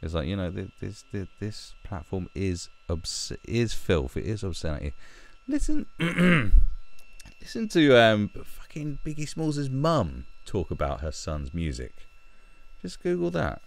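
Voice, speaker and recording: Deep and very animated, this male YouTube commentator speaks at a measured pace with noticeable vocal fry. He rants through sweary, wandering commentary, frequently starting his sentences over.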